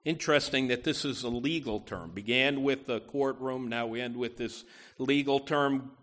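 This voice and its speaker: A man preaching a sermon from the pulpit, earnest and deliberate, often saying "you know" and restarting phrases. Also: mid-range voice, fairly bright tone. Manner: slow, deliberate delivery with emphatic rises. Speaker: pastor.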